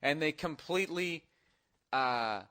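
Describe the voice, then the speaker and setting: A man with a Boston accent, a comedian co-hosting a casual chat, profane and animated. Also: on the high side, takes it slowly. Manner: profane, animated, mocks people in put-on voices. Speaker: comedian co-host.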